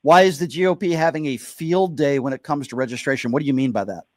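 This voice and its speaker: A man hosting a live call-in radio show, pressing callers with pointed questions and cutting in to slow them down. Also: mid-range voice, darkish tone, no echo, studio quality. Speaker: radio talk show host.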